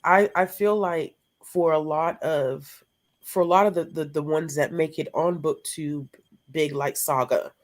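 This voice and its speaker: Low-pitched woman panelist, outspoken and teasing in a casual book chat. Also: fairly even intonation, a little slow. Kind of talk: casual live book discussion.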